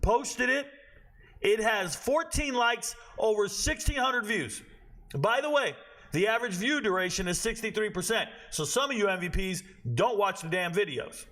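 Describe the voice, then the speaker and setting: A man's voice: high voice, animated, moderate pace, pushed and bright. A man hosting a sports betting vlog, ranting in a brash, boastful, scolding way. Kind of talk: betting picks vlog rant.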